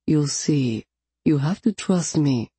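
A woman voicing a slow, soothing male captor with a thick accent. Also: sits low, animated, mellow, husky, no room sound, exaggerated voice. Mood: calm, menacing. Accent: thick foreign accent.

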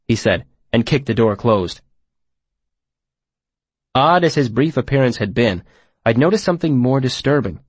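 A man narrating first-person fiction in a measured, expressive storytelling manner, on a close mic. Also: medium pitch, dry recording. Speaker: audiobook narrator.

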